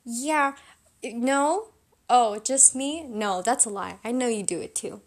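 A young woman with a slightly high voice chats casually to her audience. She rambles, leans on fillers and corrects herself as she goes. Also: takes it slowly. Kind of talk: casual confessional chat.

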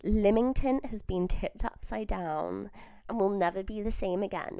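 A woman's voice: mid-range voice, normal speed, vocal fry, mellow, no echo, studio quality. A young woman in her early twenties, a podcast host who is feeling unwell, telling stories in a chatty way, laughing often and sometimes dropping to a whisper. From southern England. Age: early 20s. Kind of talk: casual chat. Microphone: very close to the mic.

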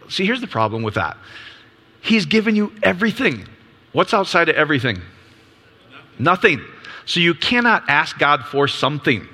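Upbeat, bright-voiced preacher in his fifties. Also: mid-range voice. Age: 50s. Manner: conversational, upbeat, asks rhetorical questions. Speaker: ministry leader. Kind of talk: casual sermon. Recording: long hall reverb.

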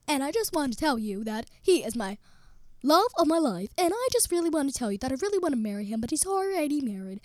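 A woman's voice: high-pitched, dry recording, studio quality. A woman voicing a gushing, lovesick female voice assistant in a mocking, singsong way.

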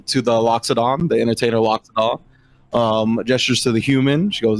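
A man's voice: mid-range voice, steady tone, normal speed. Casual young man game master. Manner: casual, many fillers. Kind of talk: narrating a tabletop game.

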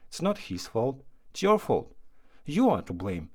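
A man's voice: mid-range voice, huge pitch swings, a little slow, a little mellow, slightly rough, exaggerated voice. A man voicing a hectoring, scornful aunt. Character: sharp-tongued meddling aunt.

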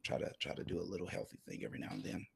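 A man chatting as a guest, easygoing and quick to laugh. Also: deep voice, very animated, vocal fry, a crowd in the background. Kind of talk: casual chat.

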